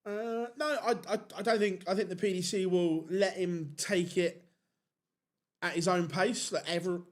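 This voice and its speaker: A man's voice: high-pitched, steady tone, moderate pace. A man giving casual live commentary on a darts tournament, chatting and answering viewer questions.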